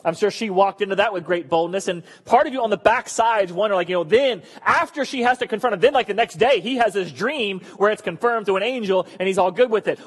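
A man's voice: high voice, animated, a little fast, husky, long reverb tail. A man preaching a sermon in a conversational, joking way. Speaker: pastor.

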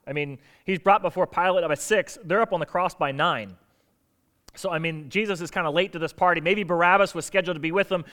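A man preaching a sermon as pastor, animated, asking rhetorical questions and acting out quoted lines. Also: high-pitched, a little fast.

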